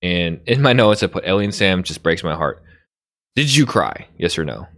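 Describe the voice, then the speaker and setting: A young man co-hosting a casual podcast chat, animated and laughing often as he goes off on tangents. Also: deep voice, normal speed, no room sound, studio quality. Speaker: podcast co-host.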